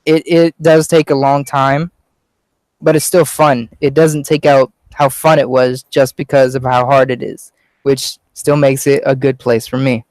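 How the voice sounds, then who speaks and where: A man's voice: medium pitch, flat delivery, a little slow, a little mellow, no echo, rough recording. A young man chatting casually as a small YouTuber, rambling with lots of fillers and an easygoing manner. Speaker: youtuber being interviewed. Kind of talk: casual chat.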